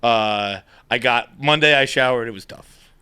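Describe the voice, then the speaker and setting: Bright-voiced man telling a story. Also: medium pitch, measured pace, clean tone. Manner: laughs often, animated retelling. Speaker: podcast host. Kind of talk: casual storytelling chat.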